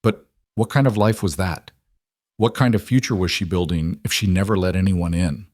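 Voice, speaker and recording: Low-voiced man narrating a calm story. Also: normal speed, dry recording, clean studio sound. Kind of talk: scripted narration.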